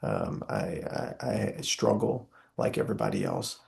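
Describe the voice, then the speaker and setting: This young adult from the Southern US has a rumbling low, darkish voice with vocal fry and huge pitch swings, speaking a little slowly. Appearing as an interview guest, he preaches impassionedly and earnestly, saying "uh" often.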